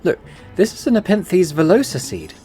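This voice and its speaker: A man's voice: high-pitched, huge pitch swings, moderate pace, dark tone, soft background music, pitched above the performer's own voice. A man reading out a young student's game dialogue in a raised, upbeat voice, chatty and persuasive. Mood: eager. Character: eager young plant-science student.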